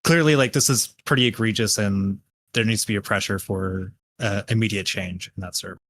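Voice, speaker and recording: A man's voice: on the low side, brisk, fairly bright tone, a little hiss or hum. A man guesting on a livestream, talking casually with many hesitations and fillers. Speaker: guest commentary video maker.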